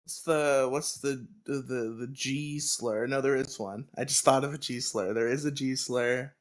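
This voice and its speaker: A man co-hosting a podcast, his voice sitting at an everyday middle pitch. He talks in loose, rambling riffs, profane and animated, like a casual chat among friends. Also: unhurried. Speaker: podcast co-host.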